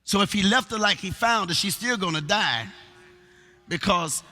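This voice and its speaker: Male pastor, sermon delivery, high and cutting tone, echoing sanctuary, repetitions that build to rhythmic shouts. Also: lively intonation, normal speed. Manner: rhythmic preaching that rises into sung shouts; repeats words when building a point. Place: church sanctuary. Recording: long reverb of a large church hall.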